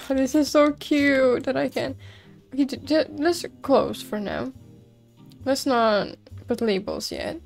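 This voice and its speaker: Woman, young adult, let's play commentary, self-mocking, laughs easily, lightly high. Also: big pitch swings, takes it slowly, vocal fry, soft background music. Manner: giggly, self-mocking, swears casually. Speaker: gameplay streamer.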